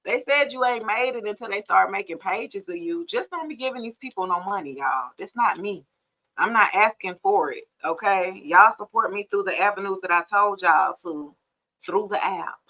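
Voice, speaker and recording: A woman hosts a tarot live stream, chatting loosely and animatedly with viewers. Her voice is bright and forceful, and she talks in a lively, familiar way. The sound is slightly dull and lo-fi. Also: medium pitch, normal speed. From Georgia, US. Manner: chatty and animated, addresses viewers as y'all, laughs often. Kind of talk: casual live-stream chat.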